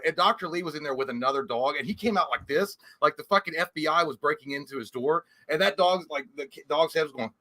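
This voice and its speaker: A man's voice: a little high, quick pace, hardly any pauses, bright, forceful tone. A man co-hosting a casual live-stream chat, telling a story with lots of swearing and acted-out voices. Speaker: podcast co-host.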